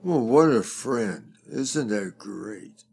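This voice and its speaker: An older man speaks slowly and deliberately as a fundraising guest in a relaxed interview. His voice carries a gravelly, creaky edge, and he lingers over his words. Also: on the low side. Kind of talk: conversational podcast interview.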